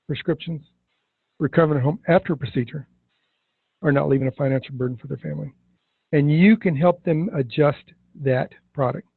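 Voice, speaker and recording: A man teaching insurance agents in a sales training session, stressing key words and slowing down for effect. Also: on the high side, gravelly, slightly rough, no room sound, phone-quality sound. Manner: emphatic, slows down to stress words.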